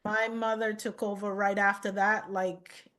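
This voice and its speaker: Woman guest, reflective storyteller, unhurried measured delivery, mid register. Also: medium pitch, flat delivery, a bit bright. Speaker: chef and guest.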